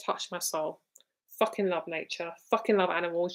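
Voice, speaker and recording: A woman's voice: lowish voice, steady tone, slow pace. A young woman giving live tarot and psychic readings. She talks in a casual, rambling way, often says "like" and swears now and then. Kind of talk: live-streamed card reading.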